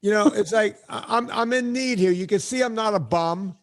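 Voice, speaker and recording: Older man, podcast host, casual chat, animated, profane, exasperated, slightly high voice. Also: moderate pace. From California.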